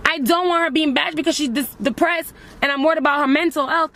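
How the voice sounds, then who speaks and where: Young woman, emotional vlogger, slightly high voice, confessional and raw. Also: steady tone, quick pace, hardly any pauses, a bit bright. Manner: emotional, addresses viewers as guys. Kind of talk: emotional personal vlog.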